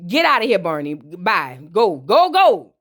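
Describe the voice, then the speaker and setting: A woman's voice: medium pitch, sing-song, a little slow, fairly bright tone. A woman recapping a reality TV episode in casual, sassy commentary, slangy and talking back to the people on screen.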